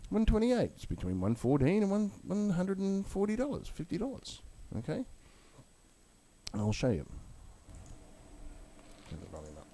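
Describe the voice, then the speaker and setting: This man's warm voice sits high and swings hugely in pitch, moving at normal speed with long pauses. He angrily rants about crypto with blunt swearing before turning to chart commentary in a video.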